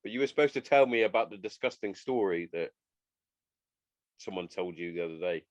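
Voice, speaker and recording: A man's voice: low-pitched, lively intonation, brisk, dry recording, dull audio. A man, a chef, guesting on a podcast, chatting casually, laughing often and tripping over words. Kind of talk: casual chat.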